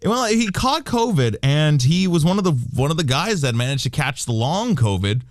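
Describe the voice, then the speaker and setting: A man's voice: fairly high pitch, sing-song, moderate pace, dry recording, studio quality. A man hosting a casual interview, joking and irreverent as he plugs the show. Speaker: interview host.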